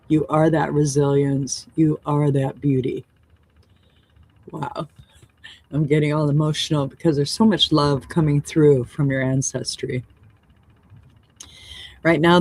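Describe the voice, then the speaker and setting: Hosting a live oracle card reading, a woman speaks gently and affirmingly in a low-pitched voice. She wanders and restarts phrases as she describes what she senses.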